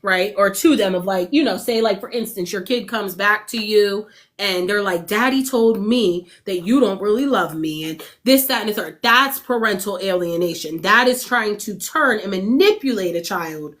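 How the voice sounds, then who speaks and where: A woman talking straight to her livestream viewers in an average-pitched voice. She vents bluntly and swears constantly. She drives every point home and keeps checking that the audience is with her. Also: moderate pace, fairly bright tone. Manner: blunt and heavily profane; emphatic, asks the audience for agreement. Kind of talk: casual livestream venting. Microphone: streaming setup.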